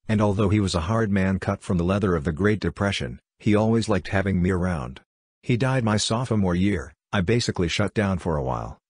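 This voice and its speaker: A man with a very low voice reads spooky tales in a steady, measured way. The sound is dry and close, with no room around it. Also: dry recording. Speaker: narrator. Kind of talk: scripted narration of ghost stories.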